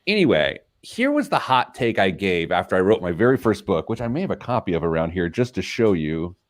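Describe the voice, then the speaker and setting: Low-voiced self-mocking radio host. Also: male voice, big pitch swings, brisk. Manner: self-deprecating storyteller, laughs at himself. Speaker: radio show host, financial planner. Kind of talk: casual radio chat.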